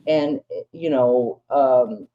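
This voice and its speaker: A woman's voice: rumbling low, extremely slow, muffled recording. A woman speaking on a live panel, telling a rambling story in blunt, casual talk full of swearing. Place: live panel room with audience.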